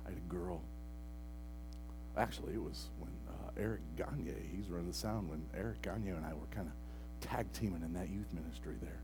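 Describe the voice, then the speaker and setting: Gravelly male pastor, whisper to shout. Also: low voice, normal speed, over music, rough recording. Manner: swings from hushed near-whisper to loud shouting. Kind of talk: sermon with a story.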